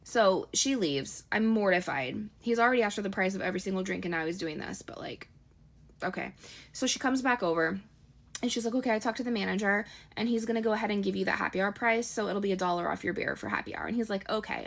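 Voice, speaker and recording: A woman tells a personal story in a casual, chatty storytime voice. She talks very quickly, at a middle pitch. She slips quoted dialogue into her narration in her own voice. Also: gravelly.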